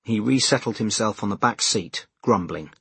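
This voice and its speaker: A man narrating an audiobook in a measured, expressive storytelling manner. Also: lowish voice, breathy edge, no echo.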